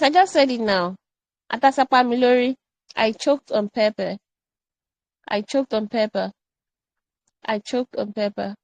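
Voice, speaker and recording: A woman teaching an online English grammar workshop, animated and playful, drilling example sentences again and again. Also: medium pitch, dry recording, low-quality recording.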